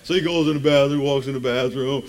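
A man's voice: mid-range voice, steady tone, quick pace. A man in his forties preaching a conversational sermon in a church, joking and firing rhetorical questions at the congregation.

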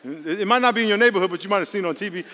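Lively pastor preaching in a reverberant hall. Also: male voice, sits high, rapid-fire, a little hiss or hum. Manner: lively, joking, calls on the congregation. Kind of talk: sermon.

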